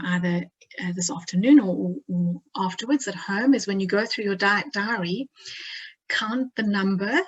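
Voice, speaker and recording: A woman's voice: medium pitch, slightly rough, low-quality recording. A woman with a South African accent, a nutritional therapist giving a health talk over slides, hesitant, with many fillers and restarts.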